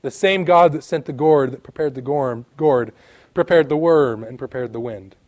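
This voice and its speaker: A man's voice: medium pitch, moderate pace, darkish tone. A man preaching a sermon, reading scripture aloud with emphatic rises and drops in his delivery. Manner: emphatic, rising and falling, reads scripture aloud.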